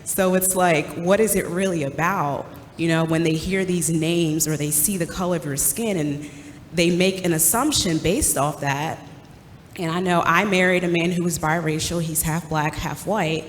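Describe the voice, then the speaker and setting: Earnest low-voiced woman in a reverberant hall. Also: normal speed, a little hiss or hum. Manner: earnest, emotional, voice rising as she grows upset. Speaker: panel speaker. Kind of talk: personal testimony. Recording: reverberant hall with faint ambience.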